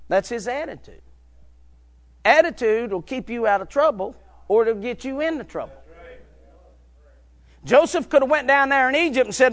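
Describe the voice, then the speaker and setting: A man preaching a fervent sermon, dropping low and quiet, then building to shouted peaks. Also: expressive, a little fast. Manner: swings from hushed low drops to shouted high climaxes.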